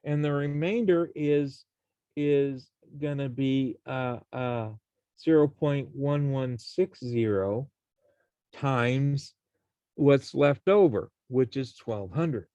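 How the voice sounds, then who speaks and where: A man's voice: mid-range voice, takes it slowly, warm tone, clear, resonant tone, dry recording. A man teaching a college algebra class, explaining each step and checking in with his students. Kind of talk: classroom math lecture.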